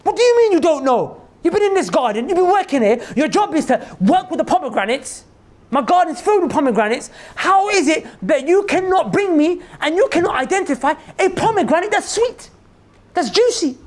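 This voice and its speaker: Brief: man doing a scolding wealthy orchard owner, exasperated, animated up-and-down delivery. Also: very high-pitched, fast talker, pitched above the performer's own voice. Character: rich indignant older male garden owner.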